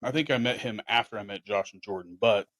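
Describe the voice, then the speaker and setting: A man's voice: lowish voice, quick pace, no room sound. A man hosting a podcast, telling rambling hometown stories in a casual chat. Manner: rambling, animated storyteller with restarts. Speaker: podcast host.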